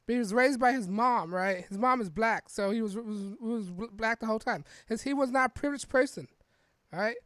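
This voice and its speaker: A woman hosts a podcast and talks through the news in a loose, rambling way, restarting her sentences and tagging them with questions. Her voice sits on the higher side. The sound is dry and close, with no room around it. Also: fairly quick, no room sound. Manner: rambling, frequent restarts and "right?" tags. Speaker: podcast host. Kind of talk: casual political commentary reading an article.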